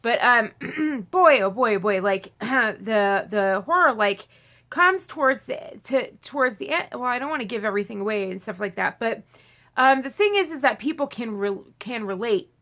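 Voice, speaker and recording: A woman chatting casually to camera as a movie vlogger, rambling with lots of fillers and restarts, and bursting into excited squeals. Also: fairly high pitch, moderate pace.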